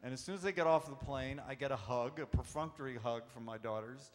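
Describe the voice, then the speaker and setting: A man, an actor, telling animated anecdotes at a convention panel, acting out the voices in his stories. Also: medium pitch, fairly quick. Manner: warm, animated storyteller acting out quotes. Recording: echoey convention hall.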